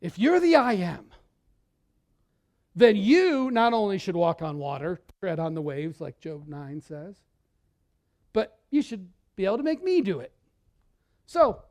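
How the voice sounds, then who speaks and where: A male pastor preaching a sermon in a church, talking in a conversational, animated way and often repeating words as he goes. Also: sits high, moderate pace.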